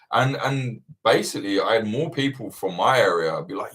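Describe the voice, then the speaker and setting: A young man hosting a livestream Q&A, chatting casually, swearing a lot and ranting with animated energy. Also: on the low side, moderate pace, hardly any pauses, husky. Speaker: livestream host answering viewer questions. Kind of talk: casual chat.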